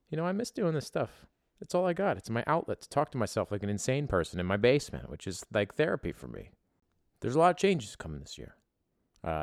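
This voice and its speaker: Lively, joking male podcast host. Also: lowish voice, no echo, clean studio sound. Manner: joking, profane, rambling. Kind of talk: casual solo podcast monologue. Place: home basement.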